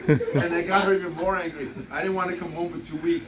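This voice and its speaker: Over a noisy crowd, a brisk man with a fairly high voice runs a motivational sales training. He's in his fifties, animated and blunt, repeating his main points and laughing through his stories, captured in a distant, roomy room recording.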